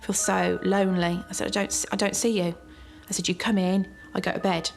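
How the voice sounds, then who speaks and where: A woman's voice: mid-range voice, little pitch movement, brisk, vocal fry. A woman of forty, a mother of twins, speaking wearily and plainly in a documentary interview. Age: 40s. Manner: weary, plain-spoken recollection. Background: soft music.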